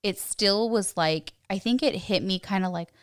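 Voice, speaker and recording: A young woman co-hosting a podcast, telling a story casually and acting out what she said in a higher voice. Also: normal speed, clear, resonant tone. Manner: chatty storyteller, acts out quotes in a higher voice. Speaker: podcast co-host. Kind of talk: casual chat.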